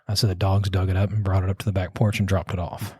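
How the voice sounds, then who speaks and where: A man's voice: low-pitched, level tone, fast, warm tone, husky, no echo, studio quality. A man casually telling a long ghost story, rambling and circling back with "so anyways.". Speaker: podcast host telling a story.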